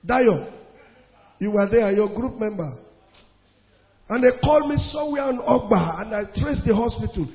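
Emphatic pastor, gravelly high voice. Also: male voice, expressive, moderate pace, long pauses. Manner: emphatic preaching, repeating phrases, sudden shouts. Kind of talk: sermon. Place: church hall. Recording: dull sound with long hall reverb.

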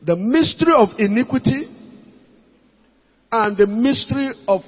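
A man preaching a sermon, slow and emphatic, pleading with the church to pay attention. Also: extremely high pitch, lively intonation, breathy edge. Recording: dull, lo-fi recording in a reverberant hall.

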